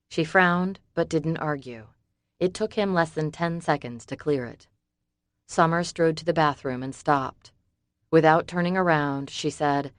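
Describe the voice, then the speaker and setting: Low-voiced woman reading a thriller. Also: unhurried, dry recording, studio quality. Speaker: audiobook narrator. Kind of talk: scripted narration.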